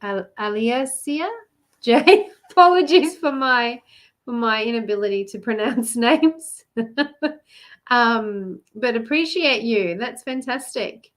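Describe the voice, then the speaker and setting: A woman's voice: on the high side, lively intonation, takes it slowly, fairly bright tone. A chatty woman with an Australian accent, doing a live card reading for love, greeting viewers by name and laughing often. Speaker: love coach and card reader.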